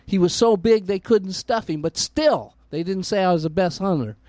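A man's voice: high voice, moderate pace, darkish tone, dry recording, natural voice. A man voicing a boastful, strapping male hunter in a bar joke, sounding indignant. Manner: bragging and indignant.

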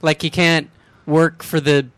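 A man co-hosts a radio show, delivering sardonic asides with an easy laugh. His voice is a little higher than most men's and smooth, and the studio sound is dry. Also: level tone, unhurried, a bit bright, no echo. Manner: sardonic, wry, laughs often. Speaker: radio co-host. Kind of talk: casual radio banter.

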